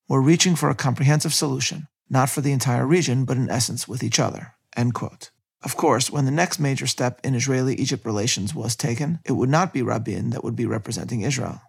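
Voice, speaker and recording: A man with a gravelly, slightly husky voice reads a history lecture at a measured pace. He marks quotations from his sources as he reads them out. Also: mid-range voice.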